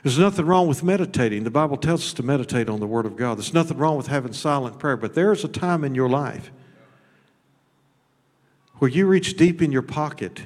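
A man preaching a sermon as pastor. His delivery is folksy and blunt, with repeated words, and it swings between shouted high peaks and low, close talk. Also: very animated, moderate pace. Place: church sanctuary. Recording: long hall reverb.

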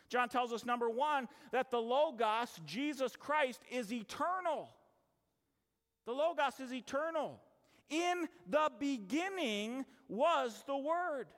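A man preaching in a church, his voice sitting high for a man and ringing with a long hall echo. He tells stories with dramatic pauses and acts out the dialogue. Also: a bit bright. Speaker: pastor. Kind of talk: sermon.

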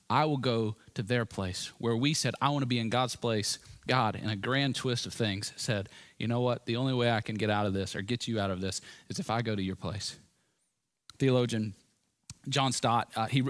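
A man's voice: medium pitch, a bit bright, dry recording. A man preaching a sermon in an earnest, conversational way, telling vivid stories. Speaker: pastor.

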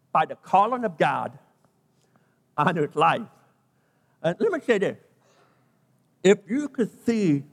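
Male pastor preaching, animated and expressive, in a reverberant church hall. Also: a little high, gravelly. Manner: animated preaching, acting out quoted voices. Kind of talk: sermon.

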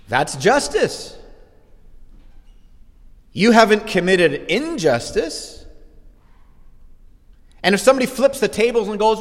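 Animated male pastor in a reverberant church. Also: high voice. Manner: animated, swings from quiet asides to shouted exclamations. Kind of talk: sermon. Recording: long hall reverb.

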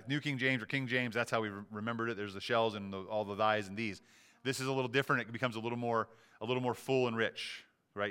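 Bright, clear-voiced man preaching a sermon. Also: mid-range voice. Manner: earnest, emphatic preaching with repeated restarts. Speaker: pastor.

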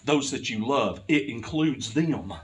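A man's voice: medium pitch, expressive, measured pace, recorded from a distance. A man, preaching a personal testimony with impassioned storytelling that builds to fervent cries. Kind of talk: sermon testimony.

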